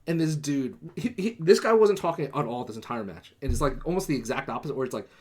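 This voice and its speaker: A man's voice: mid-range voice, animated, fast, darkish tone, a little hiss or hum. A young man hosting a podcast, telling a long rambling gaming story in casual chat, full of fillers and swearing, acting out quoted lines in a livelier voice. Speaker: podcast host.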